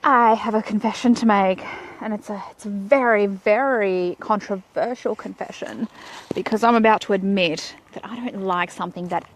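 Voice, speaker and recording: An Australian woman in her thirties talks casually and playfully into her phone as she walks. Her voice is of middle pitch, and she speaks outdoors in the shade. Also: moderate pace. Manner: chatty and playful, walking while talking. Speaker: vlogger. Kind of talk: casual Facebook live chat.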